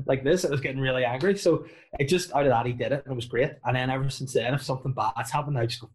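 A man's voice: medium pitch, fast. A man in his thirties, a comedian, telling self-mocking stories in a rambling casual chat, full of fillers and restarts. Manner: rambling, self-deprecating storytelling with many fillers. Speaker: comedian and podcast guest.

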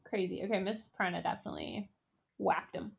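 Raspy woman chatting with friends. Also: medium pitch, steady tone. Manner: quick reactive interjections and guesses. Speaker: discussion participant. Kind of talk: casual chat.

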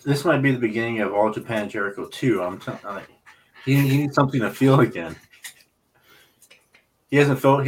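A man co-hosting a podcast in casual chat, excitable and rambling, swearing now and then. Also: mid-range voice, a little hiss or hum. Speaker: podcast co-host.

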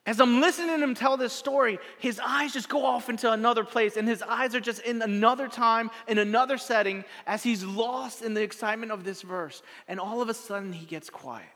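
Male pastor, bright high voice, storytelling sermon with big loud-to-quiet swings, long hall reverb. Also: brisk, vocal fry, few pauses. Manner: repetitive rhetorical phrasing.

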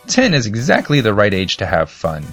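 A man voicing an excitable old witch woman in a storybook reading, pushing his voice high and strained. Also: normal speed, faint music behind, heavily acted. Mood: exclaiming.

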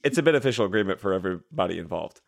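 Lively rambling comedic man. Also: sits low, racing, creaky. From Chicago. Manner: playful rambling improv riffing. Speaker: podcast guest, improviser. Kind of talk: casual comedic chat.

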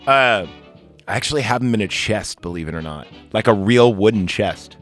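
A man's voice: fairly low pitch, animated, moderate pace, fairly bright tone, faint music behind. A man hosting a casual movie podcast, rambling and swearing freely. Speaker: podcast host.

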